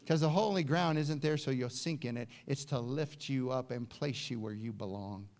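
A man pastor preaching a sermon, animated, dropping to quiet asides and rising to near shouts. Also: mid-range voice, normal speed. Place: church sanctuary.

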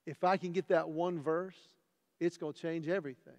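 A man preaching as pastor, earnest, moving between loud emphatic scripture reading and hushed, tender asides. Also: fairly high pitch, fairly even intonation, normal speed, big-room sound. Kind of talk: sermon. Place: church sanctuary.

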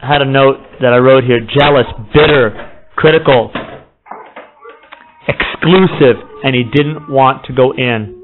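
A man preaching a sermon with passion, rising to near-shouts at emotional points. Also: medium pitch, measured pace. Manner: impassioned, rising to near-shouts when voicing the father. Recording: tinny phone-like audio with background noise.

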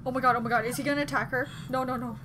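A young woman hosting a reaction video, chatting and gasping with excitement as she comments on what she watches. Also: high voice, racing, background noise.

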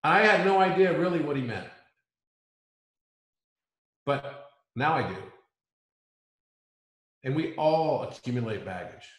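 A man's voice: on the high side, lively intonation, slow, pauses often, a bit bright, roomy sound. A man as an interview guest in a reflective conversation. He talks earnestly, often restarting his sentences and repeating words.

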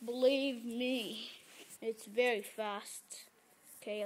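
High halting voice. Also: a little hiss or hum. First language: Arabic. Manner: halting, repeats words, scolds the game animals loudly. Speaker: gameplay video maker. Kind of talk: casual gameplay commentary. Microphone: phone camera held between the knees.

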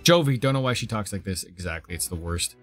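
Male streamer, casual sarcastic game commentary, animated delivery, quiet game music underneath. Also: lowish voice, quick pace. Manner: joking and sarcastic.

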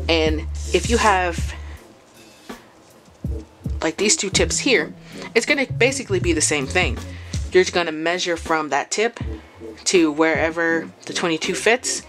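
A woman with a notably low voice walks through a sewing how-to in a relaxed, chatty way. She thinks aloud and restarts her sentences, and clearly audible mellow music plays under her talk. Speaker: sewing vlogger. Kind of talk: casual how-to explanation. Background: chill background music.

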